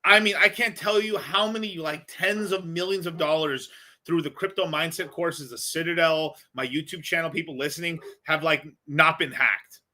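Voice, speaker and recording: A man's voice: fairly high pitch, fairly even intonation, moderate pace, bright, forceful tone. A male host answering viewer questions in a casual livestream, rambling, blunt and full of profanity.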